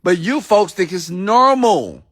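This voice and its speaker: Blunt, preachy high-voiced man. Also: lively intonation, measured pace, a bit bright. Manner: blunt and preachy, repeats himself for emphasis, swears freely; addresses listeners directly with questions. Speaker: motivational speaker. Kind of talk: motivational sermon-style talk.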